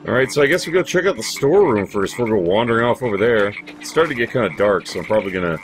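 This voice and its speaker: This let's play host talks very fast in a fairly low, expressive voice. His gameplay commentary is casual and chatty, full of swearing as he speaks to his in-game companions, and video game music plays in the background.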